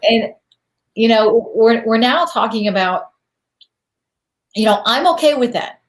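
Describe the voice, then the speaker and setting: A woman's voice: on the high side, unhurried, roomy sound. A woman hosting a conversational interview, talking candidly and reflectively, and often laughing at herself. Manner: reflective, candid, self-deprecating. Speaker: podcast host.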